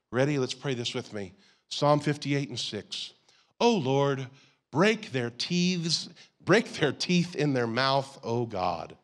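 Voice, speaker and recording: A man's voice: a little high, a bit bright. A man preaching a sermon as a pastor in a church, in a conversational style with lots of "you gotta" and "like". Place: church auditorium.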